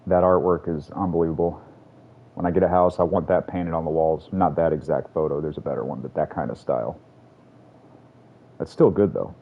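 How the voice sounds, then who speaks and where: Deep-voiced man chatting over a game. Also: steady tone, quick pace, breathy edge. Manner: rambling, self-deprecating, drawling. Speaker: streamer. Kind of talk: casual gameplay commentary. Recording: dull lo-fi audio with faint game music.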